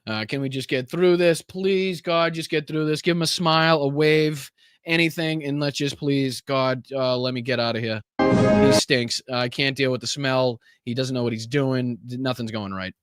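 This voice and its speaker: A man's voice: medium pitch, fairly even intonation, normal speed, smooth, no room sound, clean studio sound, pitched below the performer's own voice, natural voice. A man voicing a flustered woman leader who keeps steering a clueless guest in an impatient, mock-polite mutter. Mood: nervous.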